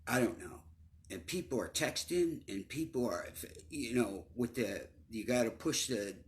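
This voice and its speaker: Slow, halting, profane man telling his story. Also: medium pitch, lively intonation. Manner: profane, halting, repeats words, drops to near-whispers. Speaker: storyteller recounting his life. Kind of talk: casual personal storytelling.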